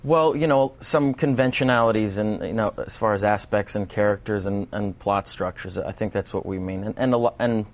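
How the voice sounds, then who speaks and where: A male actor talks through his answers on a morning TV show in a low voice. He is thoughtful and often stumbles over the first words of a sentence. The broadcast sound is muffled. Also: normal speed, hardly any pauses. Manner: thoughtful, repeats words when starting sentences. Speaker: actor guest. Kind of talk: broadcast interview.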